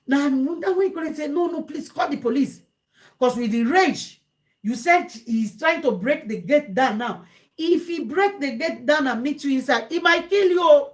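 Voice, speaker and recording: A woman with a Nigerian accent recounts a viewer's story to her audience, animated and exasperated, often repeating herself. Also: sits high, moderate pace. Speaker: vlogger giving advice.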